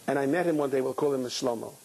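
A man's voice: mid-range voice, quick pace, creaky, slightly rough, low-quality recording. A middle-aged man, a rabbi, telling a story in a sermon and acting out the people in it. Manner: lively storyteller who acts out the people in his stories.

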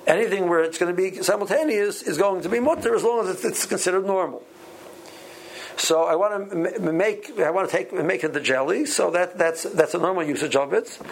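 A man teaching a Talmud class, speaking haltingly with many repeated words and ums. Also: high voice, creaky, a little hiss or hum, low-quality recording. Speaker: Torah teacher.

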